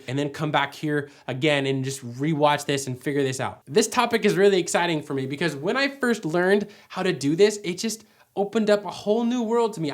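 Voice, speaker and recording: A man teaching singing technique in a casual, step-by-step way, now and then singing vowels to show the sound. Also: on the high side. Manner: friendly, explains step by step, breaks into sung vowel demos. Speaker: vocal coach. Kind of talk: casual singing lesson with sung demonstrations.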